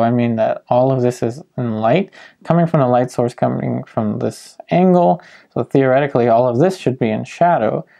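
Man, painting instructor, relaxed demo narration, soft fry in the voice. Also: medium pitch. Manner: calm step-by-step explaining with frequent ums.

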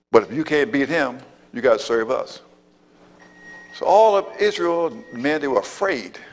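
A man's voice: medium pitch, fairly bright tone. Preaching man in a reverberant church. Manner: call-and-response, repeats phrases, fills with amen and praise God. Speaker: apostle and pastor. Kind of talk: sermon. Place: church sanctuary.

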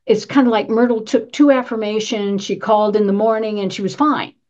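A woman's voice: mid-range voice, fairly even intonation, fairly quick, a little mellow, muffled recording. A woman minister giving a sermon in a conversational style, asking rhetorical questions and repeating her key phrases for emphasis. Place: church sanctuary.

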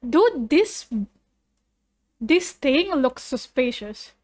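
A woman giving an excitable video reaction commentary as a VTuber, laughing and exclaiming often. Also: high-pitched, drawn-out words. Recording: video's music playing behind.

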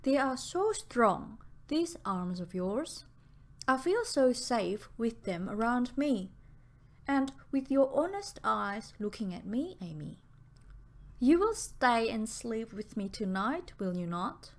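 Woman reading as a scared young lady begging her cousin, halting, voice swinging up and down, slow and gravelly. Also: medium pitch, very animated. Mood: fearful, pleading. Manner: breathless, halting, repeats words. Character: anxious pale young woman, fearful, pleading.

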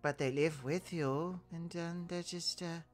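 A woman voicing a sly, scheming woman who sweet-talks a hippie into joining her side, in slow, coaxing in-game role-play. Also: fairly low pitch, fairly even intonation, soft background music, lightly acted.

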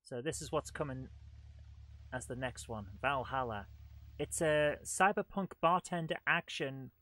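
A man's voice: mid-range voice, unhurried, bright, forceful tone. A man streaming a video game live, chatting with viewers in a casual, self-mocking way. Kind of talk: live let's-play commentary. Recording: game sounds noisy underneath. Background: game engine and vehicle noise.

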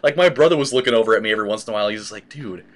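Swearing and rambling through his playthrough, this let's play host has a lowish voice. His laid-back gaming commentary is stuffed with "like" and "dude," and he shouts at the game when things go badly.

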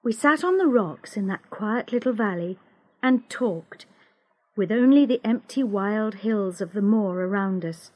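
A woman narrating a graded-reader story for English learners in a slow, clear, expressive way. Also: mid-range voice. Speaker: audiobook narrator.

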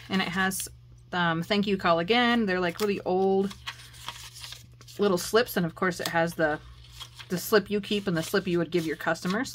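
A middle-aged woman hosting a crafting channel, showing off her haul in a chatty, excitable way with frequent laughs. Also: lowish voice, a little hiss or hum. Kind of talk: casual show-and-tell haul vlog.

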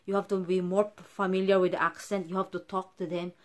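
Chatty woman vlogger, lowish voice. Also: flat delivery. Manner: chatty, keeps calling viewers "guys"; halting, frequent restarts. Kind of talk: casual chat to camera.

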